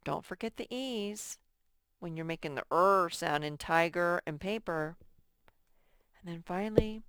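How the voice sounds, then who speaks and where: A woman teacher talks young children through their spelling words, breaking each one into syllables at an unhurried pace. Her voice is smooth and somewhat low, with a dry, close sound. She speaks plainly and patiently. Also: fairly bright tone, no echo. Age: adult. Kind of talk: first-grade spelling lesson.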